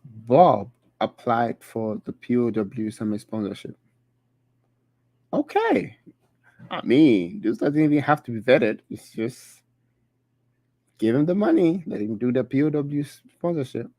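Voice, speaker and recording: A man reading through a list on his own stream and commenting as he goes, halting often with fillers and restarts. His throat is dry and his voice is starting to give out. The recording sounds dry and close, with no room echo. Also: mid-range voice, dark tone. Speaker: crypto channel host. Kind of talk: casual solo livestream commentary.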